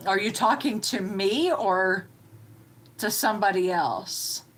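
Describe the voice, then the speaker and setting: A middle-aged woman, hosting a live stream with slow, homey chatter and greeting viewers by name. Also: medium pitch. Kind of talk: casual live-stream chat.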